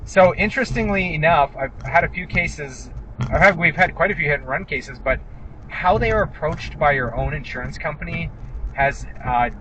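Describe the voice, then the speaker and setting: A man's voice: a little high, animated, normal speed, lo-fi sound. A man, an injury lawyer, talking casually from his car while driving, with wry, sarcastic asides. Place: inside a car driving on city streets. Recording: noisy in-car road recording. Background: car and road noise.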